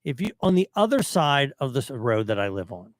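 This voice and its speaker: Lively, laughing podcast co-host man. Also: mid-range voice, normal speed, dry recording. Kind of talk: casual chat. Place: studio.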